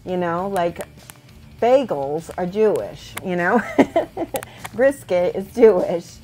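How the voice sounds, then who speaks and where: A woman's voice: lowish voice, animated, slow pace, faint music behind. A woman chatting casually and rambling with frequent giggles while she paints miniatures for her viewers. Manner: chatty, rambling, giggly, soft when concentrating.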